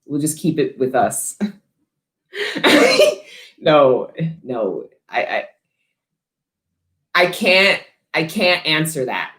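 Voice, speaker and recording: A woman hosting a casual livestream, chatting bluntly with viewers and answering their questions, swearing freely and talking with animated emphasis. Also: low voice, extremely slow, long pauses, echoey room. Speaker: host selling frankincense to viewers.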